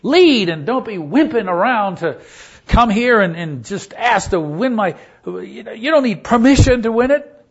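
An enraged man barks rebukes at full volume, as a preacher acts him out. The voice leaps far above the teller's own and turns husky. The recording is dull and lo-fi. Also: high voice, lively intonation, measured pace, voice pushed up, exaggerated voice. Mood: furious. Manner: yelling, scolding. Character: furious man shouting at his leader.

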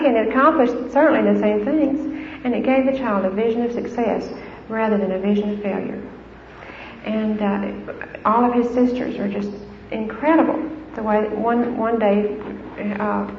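A woman's voice: mid-range voice, vocal fry. A middle-aged woman giving a conversational talk on Christian parenting to a live audience, with fillers and restarts. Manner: conversational, warm-hearted, frequent fillers and restarts. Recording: echoey hall, dull lo-fi sound with faint noise.

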